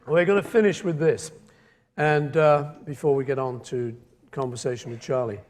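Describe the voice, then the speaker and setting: A man reading a poem aloud on stage, then joking with the audience in a playful, halting way full of fillers. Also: on the high side, fairly even intonation, darkish tone. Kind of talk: poetry reading and stage banter. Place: large hall with a live audience. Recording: reverberant live hall with crowd.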